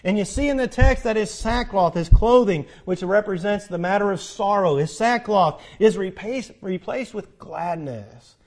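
Male pastor, high-pitched, preaches with fervent swells and soft asides. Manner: swings from loud emphatic preaching to hushed earnest tones. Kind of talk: sermon.

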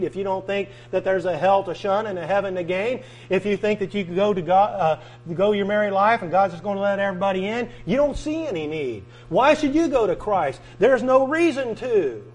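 Male preacher, high-pitched, insistent, repetitive sermon delivery; mains hum on the recording. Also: fairly quick, hardly any pauses, low-quality recording. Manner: emphatic, repeating and drawing out key words, swinging from loud to soft.

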